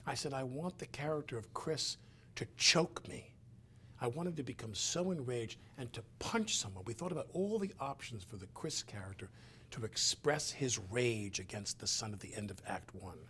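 A man's voice: mid-range voice, animated, normal speed, fairly bright tone, slight background noise. A middle-aged male host in conversation, telling stories in a rambling way with many fillers and acting out scenes.

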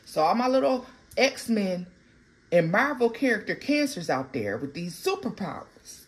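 Woman, tarot reader, casual spoken reading, blunt, profane, animated, mid pitch. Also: measured pace.

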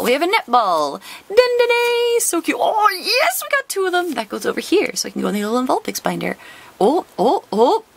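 A woman hosting a casual card-opening video. She is excitable, gushing over cards and gasping often. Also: on the low side, gravelly, a little hiss or hum. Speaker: trading card collector and video host.

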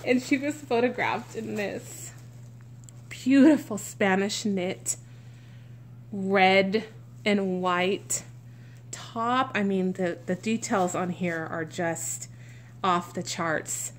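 Chatting through an unboxing vlog, a woman gushes and exclaims with plenty of gasps. She speaks slowly in a mid-range voice, and the recording carries a slight hiss or hum.

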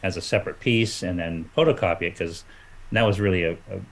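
A man's voice: low voice, brisk, poor audio. A man talking as a guest comic artist in a casual chat, rambling through memories with lots of fillers and restarts.

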